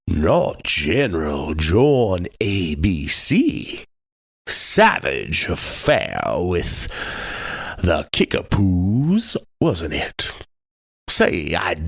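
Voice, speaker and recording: A man doing a drawling, affected gentleman. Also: fairly low pitch, no room sound, heavily acted. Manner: drawn-out syllables, affected.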